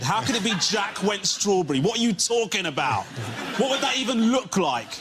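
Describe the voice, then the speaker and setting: A man's voice: high voice, big pitch swings, normal speed, over loud music. A man doing comedy on a panel show, ranting and exasperated. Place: TV studio before a live audience.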